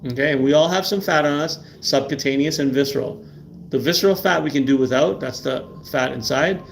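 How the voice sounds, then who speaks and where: A man's voice: fairly high pitch, fairly quick, gravelly, slight background noise. A middle-aged man hosting a live stream about health, talking emphatically and often tagging lines with "right?", repeating words as he goes. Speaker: livestream host.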